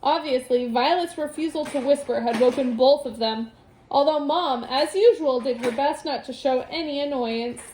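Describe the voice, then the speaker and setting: A woman's voice: high-pitched, normal speed, a little mellow, roomy sound, a little hiss or hum. A woman reading a chapter book aloud at home, casual and chatty between passages. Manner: casual, breaks off to laugh and chat. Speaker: storybook reader. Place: home room.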